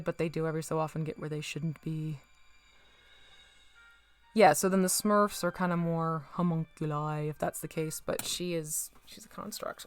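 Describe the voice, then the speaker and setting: Chatty woman streaming her painting. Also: on the low side. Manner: chatty, laughs often, talks to chat while working. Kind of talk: casual live-stream chat while painting.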